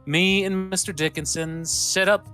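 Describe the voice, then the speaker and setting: A man voicing a cheery but uncaring woman who keeps a deal, talking briskly and dismissively. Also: high-pitched, steady tone, pushed and bright, soft background music, voice pushed up. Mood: matter-of-fact.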